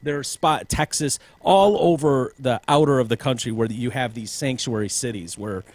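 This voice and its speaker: A man's voice: medium pitch, moderate pace. A man hosting a podcast, talking politics in a loose, mocking way with plenty of swearing. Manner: loose, profane, mocking impressions. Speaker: podcast host. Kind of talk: casual political chat.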